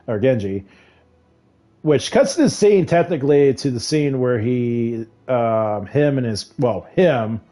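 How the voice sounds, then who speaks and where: A man's voice: medium pitch, mellow. A man casually retelling a novel's plot while playing a game, rambling and quoting characters with frequent laughs. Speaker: streamer recapping a novel. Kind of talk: casual chat while gaming.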